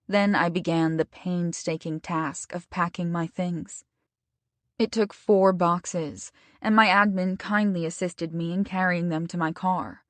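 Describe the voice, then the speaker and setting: A woman narrating a first-person romance audiobook in a slow, even, measured way. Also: lowish voice, no echo.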